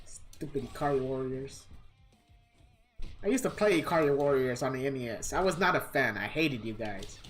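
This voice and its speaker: A woman's voice: a bass voice, expressive, moderate pace, faint music behind. A woman livestreaming a fighting game, ranting bluntly and swearing while she plays. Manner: blunt, profane, laughs at her own rants. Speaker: gaming livestreamer. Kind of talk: casual commentary while playing a fighting game.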